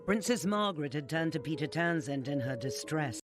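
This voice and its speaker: A man giving measured, formal scripted narration for a documentary. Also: on the high side, expressive. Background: music.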